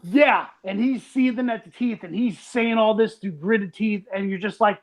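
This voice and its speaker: A man co-hosting a casual movie podcast, animated and quick to laugh as he acts out scenes. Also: high-pitched. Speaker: podcast co-host.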